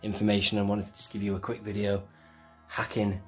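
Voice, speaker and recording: A man's voice: fairly low pitch, flat delivery, fairly quick, faint music behind. A man hosting his own channel, talking through a hands-on toy tutorial in a chatty, rambling way that keeps correcting itself. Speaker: toy collector channel host.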